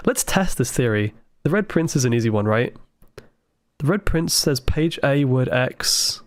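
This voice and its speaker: A man livestreaming a puzzle game, thinking aloud with excited asides to his chat. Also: medium pitch, measured pace, no room sound. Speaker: game streamer. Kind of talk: live gameplay commentary.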